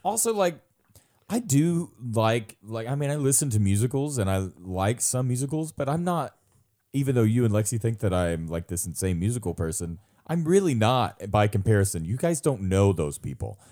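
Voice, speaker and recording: A man's voice: on the low side, big pitch swings, normal speed, dark tone. A young man co-hosting a podcast, telling a long funny story in casual chat, laughing often and mimicking other people's voices. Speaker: podcast co-host.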